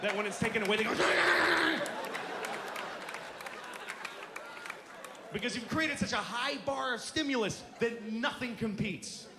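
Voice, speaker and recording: A middle-aged man performing stand-up on stage rants in an exasperated, swearing-heavy way, speaking briskly with few pauses in a very high-pitched voice. A loud crowd, audience laughter, room ambience and heavy background noise surround him.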